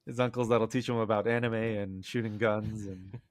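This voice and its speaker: A man's voice: on the low side, steady tone, normal speed, no echo, clean studio sound. A man co-hosting a podcast, telling a long story in a rambling, casual way and acting out what others said, with many filler words. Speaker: podcast co-host. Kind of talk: casual storytelling among friends.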